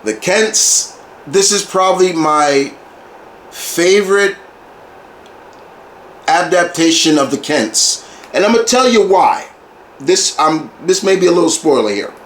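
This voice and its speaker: A man's voice: sits high, expressive, measured pace, pauses often, a bit bright. A man giving a casual movie review, talking like an enthusiastic fan who often repeats and restarts his phrases. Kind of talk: casual video review monologue. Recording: roomy echo, faint background hiss.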